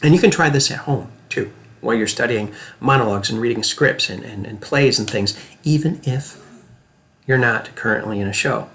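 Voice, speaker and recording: A man's voice: medium pitch, moderate pace, vocal fry, a bit bright. Earnest middle-aged male acting coach. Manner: earnest and emphatic, often checking in with "okay?". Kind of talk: direct-to-camera coaching lesson.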